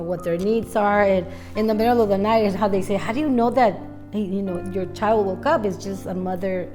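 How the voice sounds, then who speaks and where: A middle-aged woman speaks with a mid-pitched voice in casual chat about motherhood. She talks softly and haltingly, circling back on her words, and faint music plays behind her. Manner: soft, halting, repeats words while searching. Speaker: guest, wife and mother of three.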